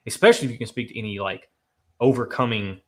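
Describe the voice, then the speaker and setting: A man's voice: mid-range voice, fast talker, fairly bright tone. Earnest man co-hosting a livestream. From Nashville, Tennessee. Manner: earnest, emphatic, reads donor comments aloud. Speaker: livestream co-host. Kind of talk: casual livestream chat.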